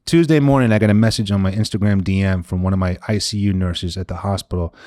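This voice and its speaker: A man in his thirties, a coach, telling a candid personal story in casual, conversational speech that sinks low and quiet on the painful parts. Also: fairly even intonation, quick pace, few pauses, dry recording, clean studio sound. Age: 30s. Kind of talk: personal story told to camera.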